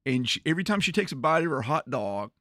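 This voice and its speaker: A man's voice: medium pitch, sing-song, quick pace, bright, forceful tone, no room sound, clean studio sound. A man streaming a game, chatting casually and telling funny stories he often laughs through. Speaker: gaming streamer. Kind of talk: casual storytelling while playing a game.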